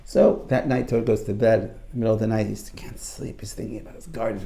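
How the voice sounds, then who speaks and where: A man's voice: lowish voice, fast talker, gravelly, slight background noise. A man and career coach giving a Torah talk to a live audience, telling a story with lots of repeats and restarts. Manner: animated storyteller, repeats phrases, many restarts.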